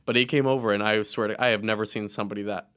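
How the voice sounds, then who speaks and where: A man co-hosting a casual chat podcast, telling stories in a sarcastic, deadpan way and often jumping into quoted voices. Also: lowish voice, rapid-fire, clean tone. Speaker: podcast co-host.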